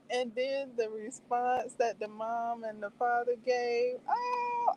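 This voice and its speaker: A woman hosting a livestream in casual chat, animated and laughing often, acting out her own reactions between wandering, filler-filled stretches. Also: on the high side, slow pace, noisy background. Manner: meandering with many fillers. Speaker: livestream host reviewing a show.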